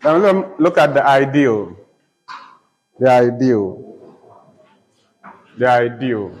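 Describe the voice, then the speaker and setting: Male teacher, slow dictation pace, spells terms out and repeats himself. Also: mid-range voice, animated, darkish tone, rough recording. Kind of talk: slow poetry lesson with dictation.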